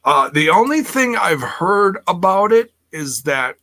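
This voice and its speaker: A man's voice: sits high, very animated, unhurried, bright, forceful tone. A man hosting a casual wrestling live stream, reading chat messages and rambling with repeated words and easy laughter.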